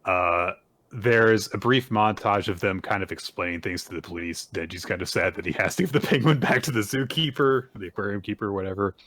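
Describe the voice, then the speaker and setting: A man's voice: lowish voice, fairly quick, fairly bright tone, no echo. A man hosting a casual podcast, recapping manga chapters at length and acting out the characters' lines. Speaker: podcast host.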